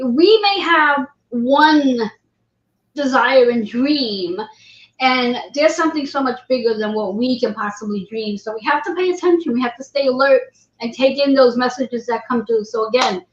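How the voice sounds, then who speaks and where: A woman hosting a livestream interview, chatty and encouraging, often repeating her words. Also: high-pitched. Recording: roomy, dull lo-fi livestream audio.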